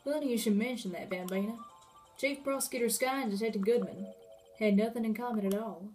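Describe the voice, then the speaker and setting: A woman's voice: fairly high pitch, fairly quick, warm tone, soft background music, close to an everyday voice. A woman voicing a swaggering male cowboy police officer with a put-on Texan drawl and folksy sayings.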